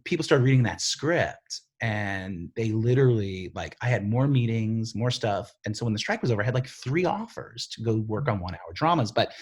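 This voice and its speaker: A middle-aged man, a TV writer and showrunner, telling stories in a casual interview, lively and full of fillers, acting out the voices of other people. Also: on the low side, normal speed, hardly any pauses, husky. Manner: animated, filler-heavy storyteller who acts out quoted voices.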